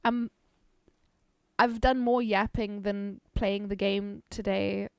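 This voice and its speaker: A woman's voice: medium pitch, steady tone, slow pace, vocal fry, clear, resonant tone, no echo. A woman streaming a game live, chatting casually with her viewers, swearing freely and laughing often.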